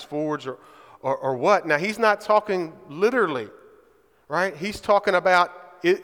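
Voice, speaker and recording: A man's voice: on the high side, a bit bright, clear, resonant tone. A man preaching a sermon in a church, speaking emphatically and often checking in with his listeners by asking "right?". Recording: reverberant hall.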